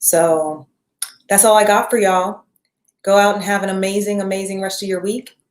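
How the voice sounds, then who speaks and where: A woman's voice: mid-range voice, steady tone. Woman coach, casual and rambling, live stream, roomy echo. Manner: chatty and rambling, reads viewer names, acts out quick voices. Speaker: self-care and business coach.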